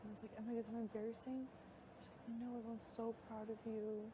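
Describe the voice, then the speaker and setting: A young woman, a reality show houseguest, chatting casually and excitedly, acting out what others said. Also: a little high, fast talker. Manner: excitable, quotes others in animated voices. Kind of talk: casual chat. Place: live feed house recording. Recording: noisy live feed audio.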